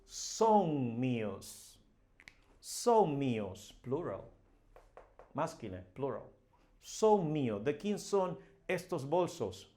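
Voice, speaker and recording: A man's voice: mid-range voice, darkish tone. A man teaching a Spanish lesson, explaining each phrase patiently and repeating the examples with rising emphasis. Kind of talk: slow language lesson.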